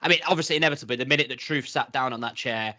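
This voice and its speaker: Racing along in a mid-range voice, a man co-hosts a wrestling review podcast in casual chat. He's rambling and hesitant, full of restarts, and slips into animated voices when quoting people.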